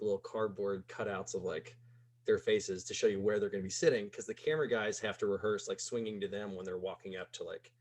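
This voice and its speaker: A young man from Missouri, a podcast guest telling a casual story, rambling with many "like"s and "um"s. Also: lowish voice. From Missouri, USA. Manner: rambling, peppers speech with "like" and "um".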